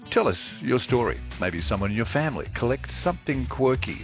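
A man's voice: medium pitch, sing-song, a little fast, creaky, faint music behind. A middle-aged man with an Australian accent hosting a casual morning radio show, chatting in a meandering, self-correcting way. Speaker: radio host. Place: radio studio. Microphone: studio microphone.

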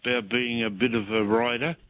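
A man calling in to a radio quiz, friendly and rambling with many pauses. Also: mid-range voice, level tone, dry recording. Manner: friendly, rambling, lots of ums. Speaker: caller. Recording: tinny dry phone line.

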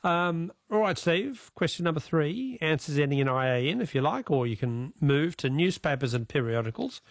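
A man's voice: a little high, sing-song, normal speed, no echo, clean studio sound. An Australian man hosting a talkback radio quiz, chatty, reading out callers' names and answers.

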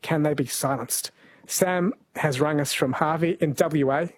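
A New man hosting a radio quiz, chatty and quick to laugh as he reads listener texts. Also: on the high side, husky, no room sound. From New Zealand. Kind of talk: casual radio chat. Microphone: studio microphone.

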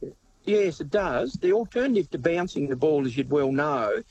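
A fairly high-voiced Australian man ringing in to talk radio, earnest and a bit rambling. A faint hiss sits under his call. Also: lively intonation, normal speed, darkish tone, lo-fi sound. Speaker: caller.

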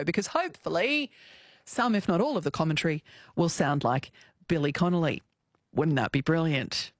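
A woman's voice: mid-range voice, no room sound, clean studio sound. A middle-aged Australian woman hosting a radio show, chatting playfully and laughing often. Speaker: radio host. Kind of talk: casual radio chat. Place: radio studio.

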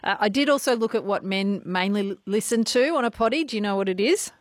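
A woman's voice: medium pitch, animated, fast talker, no echo. A woman radio host who chats in an upbeat, teasing way. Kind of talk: casual radio chat.

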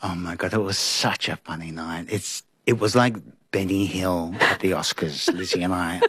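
A man with a lowish, easygoing voice recounts stories to a host, lively and amused. The sound is close and dry, like a studio booth. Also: moderate pace, breathy edge, no room sound. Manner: animated anecdotes with laughs and acted-out quotes. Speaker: guest. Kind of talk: casual storytelling.

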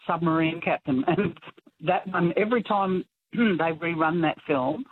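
A woman's voice: fairly low pitch, a little slow. Woman calling in on a phone line. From Australia. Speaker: caller.

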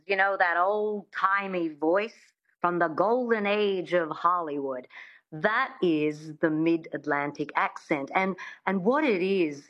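Brief: woman guest expert, low voice, explains with many fillers, muffled lo-fi line. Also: fairly bright tone. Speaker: accent coach guest. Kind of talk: radio interview.

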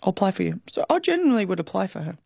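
Candid Australian woman with gravelly creak. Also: mid-range voice, sing-song, darkish tone, dry recording. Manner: candid, emotional, quick to laugh. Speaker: guest. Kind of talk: interview conversation.

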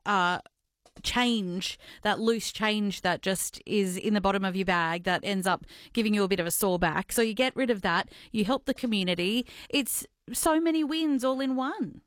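A woman's voice: medium pitch, normal speed, no echo, studio quality. A woman hosting a radio interview, asking questions in an encouraging way. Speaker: radio host.

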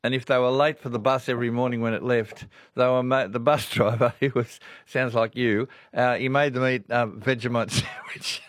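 An older Australian man hosting a radio talkback show, chatting warmly and laughing often between folksy stories. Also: mid-range voice, steady tone, moderate pace, hardly any pauses, no echo, studio quality. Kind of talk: casual talkback radio chat.

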